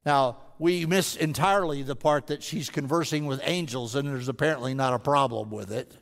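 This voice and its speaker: The medium-pitched, gravelly voice belongs to a man preaching as senior pastor at a moderate pace. Speaking conversationally, he stammers and restarts often before building into intense rhetorical questions, and the large sanctuary adds long hall reverb.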